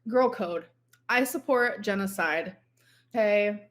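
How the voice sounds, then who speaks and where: A woman with a mid-pitched voice who rambles happily from one thought to the next. She chats casually as a stream host. Her tone stays bubbly and loose. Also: takes it slowly. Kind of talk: casual chat.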